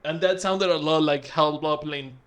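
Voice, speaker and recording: A man streams a video game, commenting casually and getting excited as he swears freely. His voice is bright and smooth, a little higher than most men's. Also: moderate pace. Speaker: gaming streamer. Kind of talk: casual let's-play commentary.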